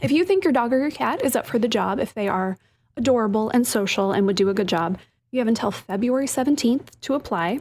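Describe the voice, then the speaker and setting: A woman's voice: on the high side, animated, quick pace, a little mellow. A woman co-hosting a podcast, sharing a news item and a tech tip in an upbeat way. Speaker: podcast co-host. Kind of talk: casual chat, reading a news item.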